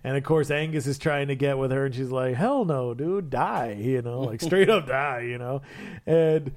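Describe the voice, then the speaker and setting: A man's voice: mid-range voice, steady tone, normal speed. A man co-hosting a podcast, retelling a comic book story in casual chat and acting out quotes in funny voices. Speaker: podcast co-host.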